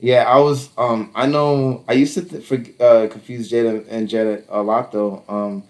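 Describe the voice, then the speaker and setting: A man talking on a podcast in a mid-pitched voice. He rambles casually with fillers and restarts, swears freely, and drops into quick impressions of the people he quotes. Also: level tone, darkish tone. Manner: loose and profane, acting out quoted voices, trailing fillers. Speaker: podcast co-host.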